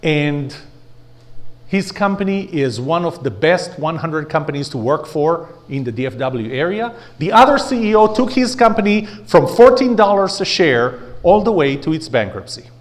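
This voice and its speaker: A man giving a blunt, animated leadership lecture to a live audience, asking rhetorical questions and having the audience repeat phrases after him. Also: a little high, moderate pace.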